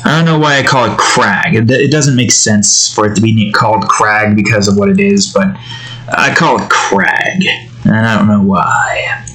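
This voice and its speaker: A man's voice: on the low side, moderate pace, sharp tone, low-quality recording. A young man casually narrating as he draws, rambling and muttering to himself. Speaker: digital artist. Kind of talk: casual narration while drawing.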